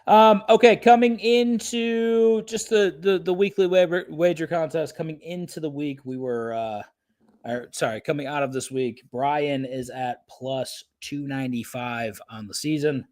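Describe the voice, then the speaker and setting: A man's voice: a little high, steady tone, a little slow, a little mellow. A man co-hosting a sports betting livestream, brash and profane in casual chat.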